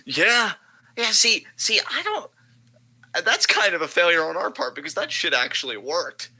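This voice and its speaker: Bright-voiced, swearing male podcast co-host. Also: sits high, very animated, moderate pace, vocal fry, husky. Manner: profane, emphatic ranting. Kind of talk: casual podcast chat.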